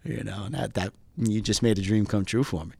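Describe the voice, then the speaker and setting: Rambling middle-aged man, low dry voice. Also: steady tone, brisk, gravelly, a little mellow, slightly rough, no echo. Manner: rambling, heavy on "you know" fillers. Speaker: pilot guest. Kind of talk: casual interview chat.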